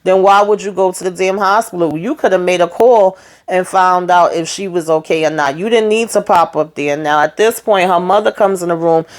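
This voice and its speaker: A woman's voice: on the low side, moderate pace. Blunt woman recapping a TV episode. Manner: retells scenes in quotes, blunt and opinionated. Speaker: TV show recap host.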